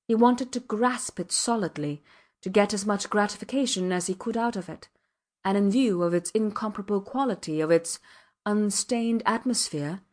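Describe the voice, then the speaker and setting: An audiobook narrator, a woman with a medium-pitched voice, reads a classic novel in a measured, even manner as scripted narration.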